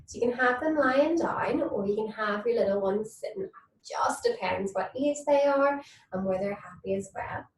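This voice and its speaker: A woman leading a mum and baby yoga class, giving soft, soothing instructions and cooing at babies in a sing-song voice. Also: fairly high pitch, normal speed, a little hiss or hum. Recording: echoey room, mic at a distance.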